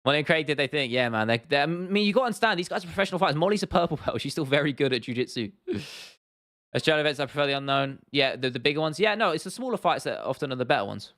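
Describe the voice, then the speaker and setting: A young man from southern England hosts a casual MMA livestream, answering viewer comments in a fairly high, animated voice that is quick and a bit bright. He's chatty, laughs often, repeats himself, and calls the chat "bro" and "lad."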